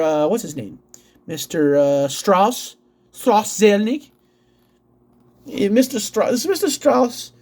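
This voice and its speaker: A man ranting angrily about gaming news, reading an article aloud and breaking off with profane, incredulous reactions. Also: high-pitched. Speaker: gaming commentator.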